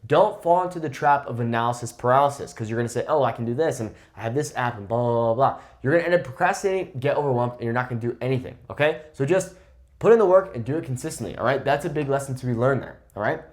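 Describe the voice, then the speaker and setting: A man's voice: medium pitch, fast. A man in his twenties, a Spanish teacher, talking casually to camera and often checking in with "okay?". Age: 20s. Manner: lively, emphatic, repeats "okay?" to check in. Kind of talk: casual talking-head lesson.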